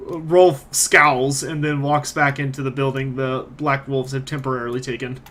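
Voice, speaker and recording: A man narrating a tabletop role-playing game as game master, moving quickly between narration and character lines. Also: mid-range voice, little pitch movement, a bit bright, a little hiss or hum.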